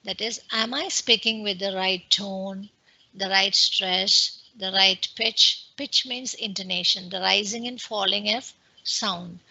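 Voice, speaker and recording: A woman's voice: mid-range voice, pushed and bright, low-quality recording. A woman with an Indian English accent giving an online webinar lecture in an explanatory way, with many fillers and restarts. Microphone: computer mic on a video call.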